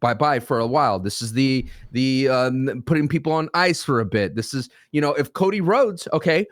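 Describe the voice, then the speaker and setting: A man's voice: mid-range voice, lively intonation, moderate pace, dry recording, studio quality. A man co-hosting a podcast, arguing in casual banter with playful mock grief and bursts of stammering. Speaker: podcast co-host.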